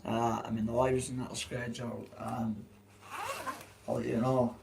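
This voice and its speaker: A hoarse adult man with a Dundee Scottish accent, chatting on a livestream in a rambling, sweary way. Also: mid-range voice, flat delivery, a little slow, noisy background. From Dundee, Scotland. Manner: swears freely, restarts often. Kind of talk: rambling casual livestream chat.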